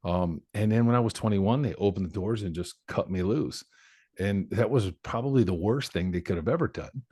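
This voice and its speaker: A man's voice: on the low side, normal speed, mellow, slightly rough, no echo, studio quality. A man in his forties, a podcast guest telling his life story in a candid, reflective way. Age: 40s. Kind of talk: personal life story in conversation.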